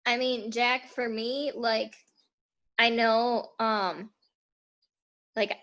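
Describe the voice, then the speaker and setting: Hesitant woman with a higher voice. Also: fairly even intonation, very slow, a bit bright. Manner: hesitant, lots of likes and ums. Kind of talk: casual faith chat.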